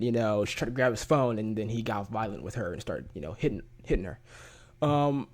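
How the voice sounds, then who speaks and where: A man's voice: mid-range voice, darkish tone. A man making a casual reaction video as a YouTube commentator, chatty and loose with slang, often breaking into laughter.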